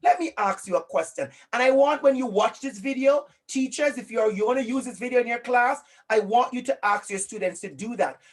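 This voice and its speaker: A man from Jamaica with a Jamaican accent, presenting an interactive online workshop over a video call in an energetic, encouraging way, often repeating phrases for emphasis. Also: very high-pitched, fairly quick, few pauses.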